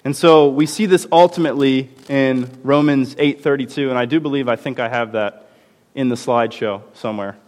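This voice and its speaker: A man's voice: mid-range voice, fairly even intonation, fairly quick, a little mellow. Earnest preacher man in a reverberant hall. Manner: earnest, builds to impassioned emphasis. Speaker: pastor. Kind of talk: sermon.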